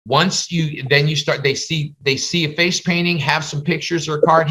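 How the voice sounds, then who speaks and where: Man, instructor type, lively storyteller, bright tone, call audio. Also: normal speed, poor audio. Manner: animated, acts out little dialogues in higher voices. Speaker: face painting business instructor. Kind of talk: casual teaching on a video call. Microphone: video call.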